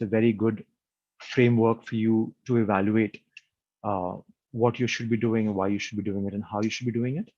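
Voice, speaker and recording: A man's voice: medium pitch, darkish tone, no echo. A man, a company founder, explaining a business framework in an interview and firing off long strings of rhetorical questions. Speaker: entrepreneur guest. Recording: dull, muffled lo-fi sound.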